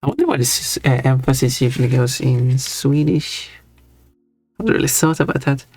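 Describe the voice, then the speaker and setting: A man's voice: medium pitch, animated, moderate pace, a little mellow, slightly rough, no echo. A man in casual stream chat who thinks aloud, chatty and easily drawn into tangents about language.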